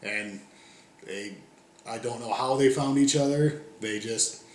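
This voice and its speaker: A man's voice: mid-range voice, slow. Laid-back American man, echoey room. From United States. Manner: laid-back, trailing off with "yeah" and "so". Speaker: interview guest. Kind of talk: casual conversational answers. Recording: roomy echo.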